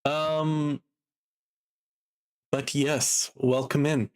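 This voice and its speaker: A man streaming live and chatting casually, drowsy and a bit down, rambling slowly with lots of fillers. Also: medium pitch, vocal fry. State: sleepy and low in mood.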